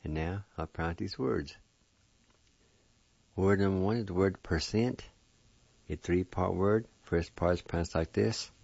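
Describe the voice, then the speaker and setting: A man's voice: deep voice, unhurried, vocal fry, long pauses, a little mellow, husky, no room sound, dull audio. A man teaching a pronunciation lesson, sounding out each word syllable by syllable. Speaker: language teacher.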